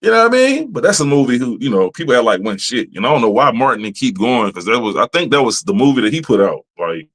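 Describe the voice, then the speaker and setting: A man hosting a podcast in a casual, profane, animated monologue, laughing often and jumping high in pitch when he rants. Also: quick pace, hardly any pauses. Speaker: podcast host.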